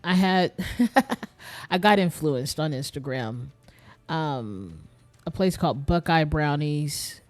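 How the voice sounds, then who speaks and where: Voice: medium pitch, a little mellow. A young adult game streamer, a bit tired and short of breath, rambling in casual chat straight to viewers while playing.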